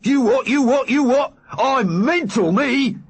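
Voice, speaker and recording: A man voicing Big Mac, a fierce skinhead teenage boy who shouts and boasts in a husky, high-pushed voice. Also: slow pace, full character voice. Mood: wild. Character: mad skinhead teen skeleton boy, fierce.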